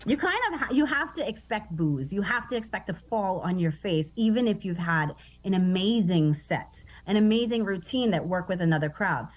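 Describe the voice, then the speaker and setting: A woman in her thirties from East Baltimore, a comedian talking in a casual interview, with a Baltimore accent that slips into Trinidadian, lively and laughing as she tells stories. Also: mid-range voice, normal speed, few pauses. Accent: Baltimore with Trinidadian traces. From East Baltimore, USA. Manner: lively, laughing, witty storyteller. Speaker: comedian guest.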